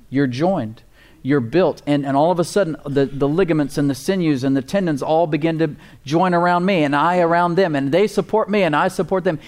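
A man's voice: on the high side, darkish tone. A man preaching a sermon as pastor, emphatic, with call-and-response asides and repeated words for emphasis.

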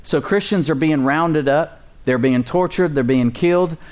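A man's voice: fairly high pitch, measured pace, darkish tone. A man preaching a sermon as pastor, emphatic and full of rhetorical questions to the congregation. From United States.

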